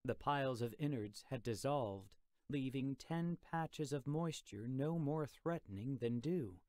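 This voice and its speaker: A man with a medium-pitched voice narrates an audiobook in the first person, telling the story in a measured, expressive way, with no echo.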